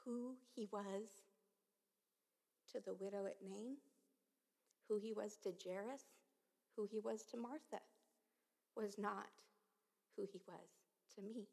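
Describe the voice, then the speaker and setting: A woman in her fifties giving a sermon with personal testimony, speaking slowly and earnestly with many halts, often dropping to a hush. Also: medium pitch, steady tone, gravelly. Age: 50s. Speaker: preacher. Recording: long reverb of a large hall.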